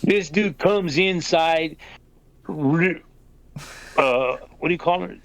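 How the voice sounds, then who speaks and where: Older guy, podcast storyteller, animated and foul-mouthed, slightly higher voice. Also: slow pace. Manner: animated, swearing, laughing through the story. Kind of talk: casual storytelling chat.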